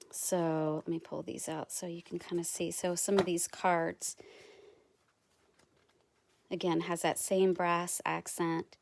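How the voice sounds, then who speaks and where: A woman showing craft supplies in a casual vlog, gushing and halting with many ums. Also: on the low side, a little mellow, slight background noise. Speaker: craft vlogger. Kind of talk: casual product show-and-tell.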